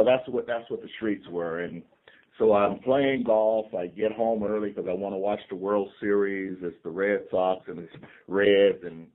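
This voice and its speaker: Deep-voiced older man over a phone line. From California. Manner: calm, reflective storyteller. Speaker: team chaplain. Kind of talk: storytelling podcast guest. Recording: tinny phone-like remote line.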